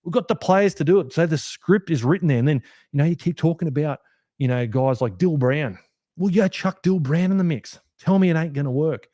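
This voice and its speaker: A man hosting a sports review podcast, talking in an animated, rambling way and swearing freely as a fan. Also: a little high, fairly quick, no room sound, clean studio sound. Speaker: podcast host.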